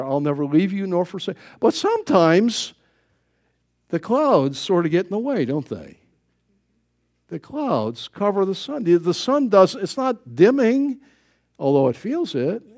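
A pastor with a high-pitched, slightly mellow voice preaches to his congregation. His sermon is folksy and conversational, sprinkled with joking asides and rhetorical questions.

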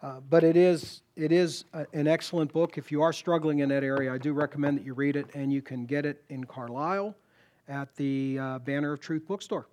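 A middle-aged man preaching a sermon in a church, emphatic, repeating words and rising to loud punchlines. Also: fairly high pitch, steady tone, brisk.

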